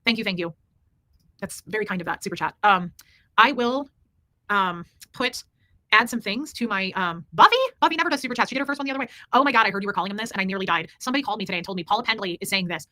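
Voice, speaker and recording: A woman hosts a casual livestream, reading super chats in a rambling, emphatic way and swearing freely. Her mid-range voice races along with a sharp tone.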